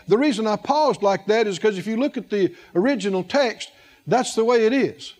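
A man's voice: high voice, moderate pace, a little mellow. A man preaching a sermon, asking the congregation questions and repeating words for emphasis.

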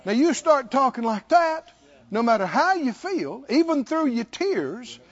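High, lively preaching man. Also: a little slow, lo-fi sound, some chatter behind. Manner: emphatic, calls out to the congregation. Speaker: pastor. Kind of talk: sermon.

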